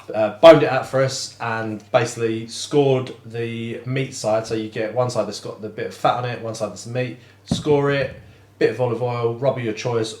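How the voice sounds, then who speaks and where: A man's voice: medium pitch, a little mellow. Guy cohosting a food chat with his wife, jokey and laughing a lot, echoey room. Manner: laughs often, playful banter. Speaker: podcast co-host, barbecue cook. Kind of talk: casual chat.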